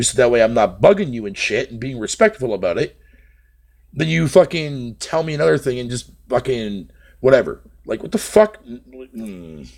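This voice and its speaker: A man's voice: mid-range voice, vocal fry, darkish tone. A man live streaming, venting at length in a casual, rambling way, swearing heavily and leaning on filler phrases.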